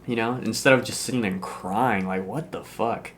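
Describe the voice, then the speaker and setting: A young man spins a story from his school days in loose, casual talk. He is animated and slangy, swears freely and fills his sentences with "like" and "bro.". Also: on the low side, moderate pace, few pauses, a little hiss or hum. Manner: animated, slangy and profane, with many fillers.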